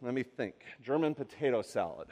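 A man's voice: medium pitch, very animated, brisk, darkish tone. Chatty man demonstrating cooking in a hall. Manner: chatty, rambling, asks the audience questions. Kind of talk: live cooking demonstration to an audience. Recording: long hall reverb.

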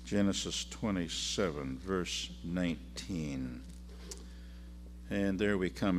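Expressive low-voiced male preacher. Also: a little slow, a little hiss or hum. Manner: expressive, swinging between loud emphasis and quiet drops. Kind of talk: sermon with scripture reading.

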